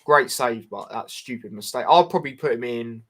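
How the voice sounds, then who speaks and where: A man's voice: medium pitch, normal speed, a bit bright. A man co-hosting a casual football chat, arguing his points and pushing back. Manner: argumentative, pushes back with "come on, man". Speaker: co-host.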